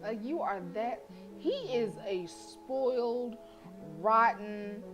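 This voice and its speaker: A woman streaming a horror visual novel, reading the game text aloud and chatting with viewers in a lively, talkative way. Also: a little high, takes it slowly, muffled recording. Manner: chatty, animated, vents to chat. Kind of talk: casual game stream with read-aloud narration. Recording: music playing behind.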